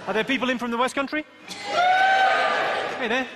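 A man doing stand-up crowd work on a theatre stage, deadpan and mocking with quick comebacks. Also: very high-pitched, over loud music. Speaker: stand-up comedian. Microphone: stage microphone. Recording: live theatre recording with loud crowd laughter. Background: loud audience laughter.

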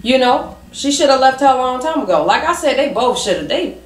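A woman's voice: high voice, animated, fairly quick. A woman co-host in a casual chat, emphatic and slangy. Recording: echoey room.

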